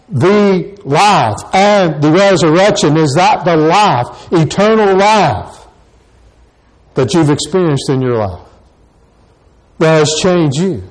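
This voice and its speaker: This sermon comes from a pastor with a high-sitting voice who keeps repeating rhetorical questions to his congregation. The audio is low quality.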